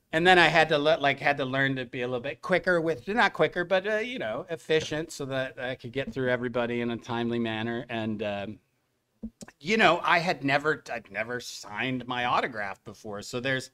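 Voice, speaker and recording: A middle-aged man, a voice actor, telling stories to a convention audience in an animated way, acting out the other people's lines. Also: medium pitch, brisk, clear, resonant tone. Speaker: voice actor at a fan convention panel. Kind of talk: anecdotal storytelling to a live audience.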